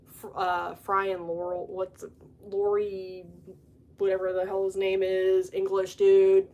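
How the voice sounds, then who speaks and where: A young adult woman hosting a podcast, chatting casually and telling stories in an animated way, laughing often. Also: mid-range voice, unhurried, lo-fi sound. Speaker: podcast host. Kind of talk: casual chat.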